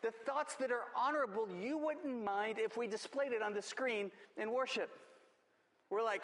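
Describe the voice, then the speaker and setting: Emphatic preacher in a reverberant church. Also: male voice, very high-pitched, moderate pace, fairly bright tone. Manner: emphatic preaching with repeated phrases. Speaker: pastor. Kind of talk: sermon.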